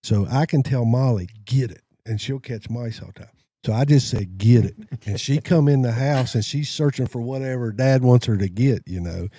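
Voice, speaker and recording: A man hosting a podcast, telling self-deprecating stories in a casual, animated way. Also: mid-range voice, moderate pace, dry recording. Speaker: podcast host. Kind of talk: casual storytelling chat.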